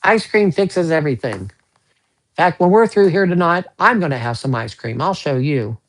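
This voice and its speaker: A man giving a casual live tarot reading, gentle with folksy joking asides. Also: fairly high pitch, animated, moderate pace. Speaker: tarot card reader.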